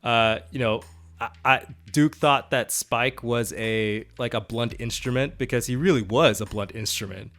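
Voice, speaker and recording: A man's voice: medium pitch, moderate pace, fairly bright tone. A man co-hosting a podcast, talking casually about tabletop role-playing in a rambling way, with many fillers, restarts and laughs. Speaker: podcast co-host.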